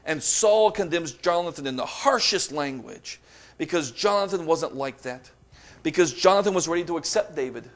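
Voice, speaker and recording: A man delivering a sermon, reading scripture aloud with dramatic emphasis and rising to forceful peaks. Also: a little high, lively intonation, normal speed. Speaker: preacher.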